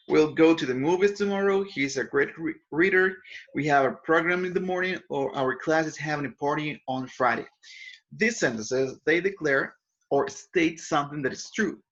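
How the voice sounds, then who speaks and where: Guy teaching a grammar lesson, kinda high voice, sounds muffled and lo-fi. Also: pushed and bright. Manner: explanatory, repeats examples, frequent self-corrections. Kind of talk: recorded grammar lesson over slides. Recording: dull lo-fi voice recording.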